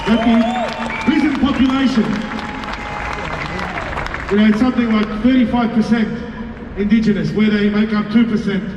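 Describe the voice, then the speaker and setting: A man speaking to an outdoor city rally, wry and defiant, with jokes and asides. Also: high voice. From Australia. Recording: echoey, far-off, dull outdoor audio with crowd and noise.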